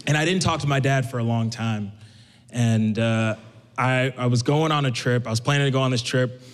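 In an echoey hall, a young man from Brooklyn recounts a personal story before an audience at a moderate pace and medium pitch. His delivery is conversational, and he brings quoted characters to life.

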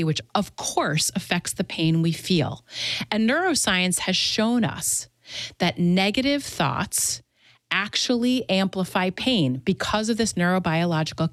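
A woman who treats chronic pain, answering interview questions in a clear, earnest teaching tone. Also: medium pitch, no room sound. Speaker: pain therapist.

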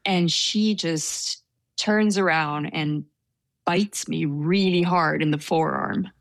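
A woman telling a story in casual conversation, soft-spoken and hesitant with many fillers. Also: low-pitched, takes it slowly, creaky, no room sound. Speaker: storyteller guest.

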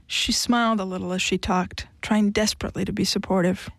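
Woman narrator, audiobook, even measured reading, dry close mic. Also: medium pitch, creaky, dry recording.

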